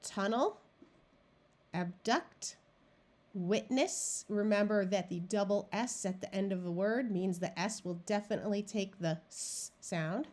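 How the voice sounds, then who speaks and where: A woman's voice: mid-range voice, darkish tone. A woman reading tutor giving a phonics lesson, sounding out practice words one at a time and explaining syllable rules. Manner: slow, deliberate, clear word-by-word modeling.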